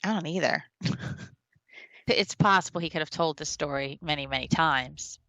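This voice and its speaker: A woman's voice: deep voice, moderate pace, fairly bright tone, dry recording. A woman co-host who reads a short bio aloud and then muses over a clip. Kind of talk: commentary on a clip.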